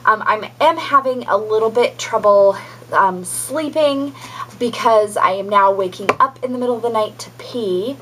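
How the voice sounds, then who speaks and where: A woman's voice: a little high, moderate pace, fairly bright tone, a little hiss or hum, poor audio. A young adult woman giving a casual pregnancy update vlog, chatty and rambling with many ums and likes. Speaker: vlogger.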